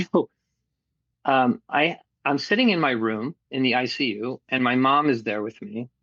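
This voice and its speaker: A man's voice: medium pitch, a little slow, dry recording, lo-fi sound. A middle-aged man telling his life story in a candid, casual interview, acting out what people said to him. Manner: candid, animated storyteller who acts out quoted voices and swears casually.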